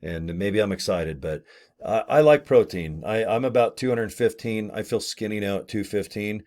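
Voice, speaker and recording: A lowish, darkish voice at normal speed comes from a network marketing affiliate in his late fifties. In a casual to-camera sales chat about a business opportunity, he's folksy and blunt, curses mildly, and drifts into rambling asides.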